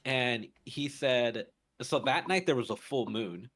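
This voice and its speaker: A man's voice: mid-range voice, lively intonation, slow, a bit bright. A man co-hosting a podcast, telling a story in casual chat with lots of fillers and restarts. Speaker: podcast co-host.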